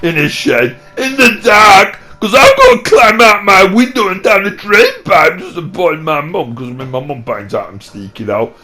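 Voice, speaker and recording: A man's voice: high voice, very animated, moderate pace, few pauses, sharp tone, soft background music, low-quality recording. Rowdy young man with a Yorkshire accent. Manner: rowdy, squabbling, swears mildly. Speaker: channel host. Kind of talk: improvised comedy banter.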